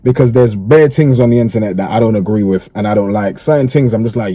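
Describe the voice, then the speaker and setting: A man's voice: lowish voice, fast talker, warm tone, no room sound. A man talking casually in an interview, laid-back and full of slang, often checking that he is understood. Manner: laid-back, peppers speech with slang and "you get me" checks. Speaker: interviewee in a played clip.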